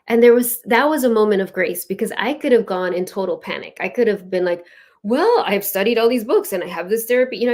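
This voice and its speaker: A woman hosting her own show, giving a casual spiritual teaching in an earnest, storytelling way with many "like"s and "you know"s. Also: mid-range voice. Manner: earnest, with soft laughs. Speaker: host and spiritual leadership teacher.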